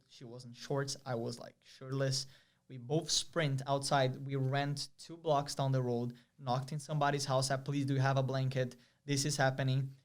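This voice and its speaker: Lively young man telling a story. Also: medium pitch. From Brazil. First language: Portuguese. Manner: lively, vivid, with frequent "like" fillers. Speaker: guest, pro soccer player. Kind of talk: casual storytelling in an interview.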